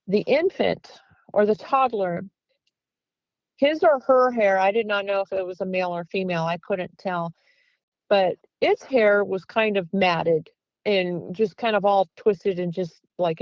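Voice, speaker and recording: A woman's voice: mid-range voice, measured pace, a little mellow, dry recording, rough recording. A woman guest earnestly telling a long encounter story, acting out the quoted voices of the people in it. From Pennsylvania. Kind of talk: recounting an encounter.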